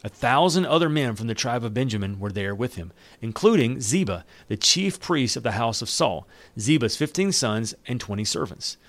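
A man of middle pitch reads a Bible chapter aloud. He breaks off at times to retell the story in loose, everyday words. The recording is close and dry, with no room sound. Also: animated, normal speed, no echo. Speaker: Bible reader and teacher. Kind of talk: Bible reading with casual commentary.

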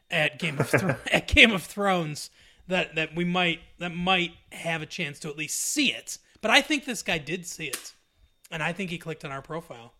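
Bright-voiced joking podcast host, a man. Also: on the high side. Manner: rambling, joking and laughing, swears freely. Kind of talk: casual podcast chat.

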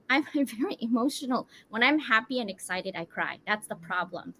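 A woman in her forties hosting a live online talk show, chatting in an animated, playful way and laughing often. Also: on the high side, moderate pace. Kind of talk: casual live-stream chat.

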